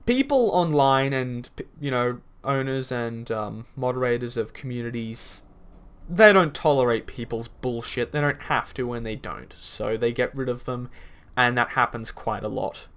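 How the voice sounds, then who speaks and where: A man's voice: mid-range voice, animated, normal speed, fairly bright tone, clear, resonant tone. A man hosting a gaming commentary video, arguing bluntly, swearing at times, and rambling through lots of fillers. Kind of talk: reaction commentary rant.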